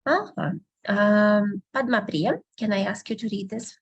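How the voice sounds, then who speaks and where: A woman from Russia, patiently teaching a beginner language class online and repeating words slowly for her students. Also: medium pitch, creaky, husky, muffled recording.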